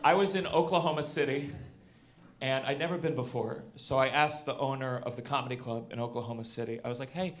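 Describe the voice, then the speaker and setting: A man in his thirties doing a stand-up comedy set, animated and shouting punchlines. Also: medium pitch, quick pace, a crowd in the background. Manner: animated, shouts punchlines, acts out quoted voices. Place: comedy club stage with live audience. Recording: loud audience noise and laughter.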